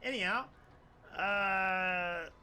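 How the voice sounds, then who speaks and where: A man's voice: sits high, drawn-out words, sharp tone, smooth. A young man streaming a game, chatting casually in a rambling, crude, joking way. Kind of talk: casual live-stream chat while gaming.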